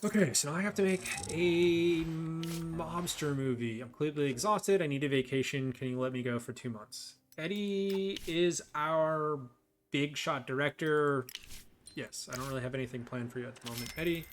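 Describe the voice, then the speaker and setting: A man hosting a let's play, joking and thinking out loud as he plays. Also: on the high side, normal speed, noisy background. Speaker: gameplay host.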